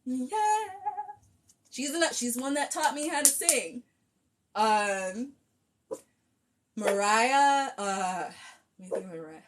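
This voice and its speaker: A woman's voice: on the high side, lively intonation, slow pace, long pauses, a little hiss or hum. A young adult woman chatting casually with viewers on a live stream from her phone, rambling and effusive.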